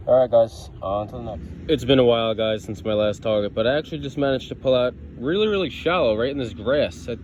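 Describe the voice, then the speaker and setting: A man's voice: mid-range voice, a little mellow, lo-fi sound, a little hiss or hum. A man from New York vlogging while metal detecting outdoors in a grassy yard. He chats casually to the camera, thinks aloud about each find and keeps calling his viewers guys.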